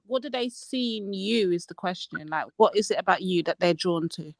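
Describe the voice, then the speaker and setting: A woman's voice: lowish voice, expressive, normal speed, vocal fry, dry recording. A woman, co-hosting a streamed panel, teasing a caller and asking him pointed questions. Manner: teasing, questioning, laughs easily. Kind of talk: casual live stream chat.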